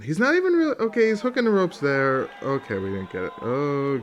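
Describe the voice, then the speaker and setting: A man's voice: mid-range voice, wildly swooping pitch, normal speed. Profane rambling man reacting to fights. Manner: profane, rambling, laughs often. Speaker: commentator rewatching old fights. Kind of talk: casual reaction commentary.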